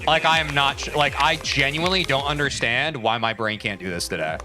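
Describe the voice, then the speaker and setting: A man's voice: medium pitch, a little fast, music in the background. A young man livestreaming a game, chatting casually with viewers, self-mocking and swearing freely. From United States. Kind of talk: casual chat with viewers while gaming.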